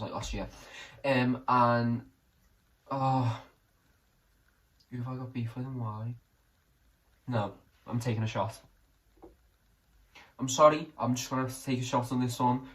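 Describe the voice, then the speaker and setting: A man's voice: medium pitch, a bit bright, rough recording. A young man chatting casually in a vlog, rambling and cheeky, often correcting himself mid-story. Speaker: vlogger. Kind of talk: casual chat vlog while drinking.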